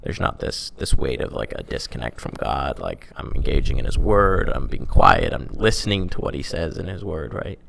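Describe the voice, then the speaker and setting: A man's voice: extremely low pitch, animated, normal speed, creaky, hardly any pauses, a bit bright, slight background noise. A young man chatting casually on a podcast, rambling and self-mocking, with "like" in almost every sentence. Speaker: podcast host telling his faith story. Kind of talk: casual chat.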